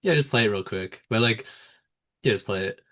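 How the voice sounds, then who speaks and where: A man's voice: fairly low pitch, brisk, a bit bright. Laid-back male podcast co-host. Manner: laid-back, chuckles between points, mimics people in quotes. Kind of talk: casual chat.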